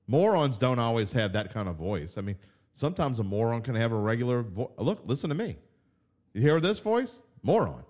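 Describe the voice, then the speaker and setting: Rambling middle-aged male podcast host. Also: medium pitch. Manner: rambling, digressive, self-deprecating. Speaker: podcast host and sports betting writer. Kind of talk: casual podcast monologue.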